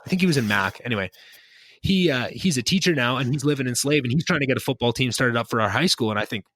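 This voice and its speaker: A man's voice: medium pitch, animated, quick pace, fairly bright tone. A young man hosting a casual podcast catch-up, talking earnestly and reflectively with lots of fillers. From Canada. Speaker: podcast host.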